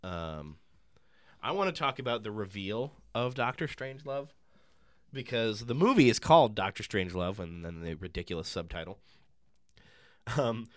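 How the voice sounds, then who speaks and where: A man's voice: medium pitch, dry recording. A man talks through a classic film in casual conversation, stopping and restarting his thoughts with plenty of ums. He chuckles often. His mid-range voice sits in a dry, dead room. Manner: hesitant, many ums and restarts, laughs easily.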